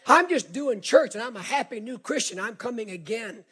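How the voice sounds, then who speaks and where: High-voiced husky Southern preacher man. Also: normal speed. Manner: animated storytelling preacher, repeats words, rises to shouts. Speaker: pastor. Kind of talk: sermon.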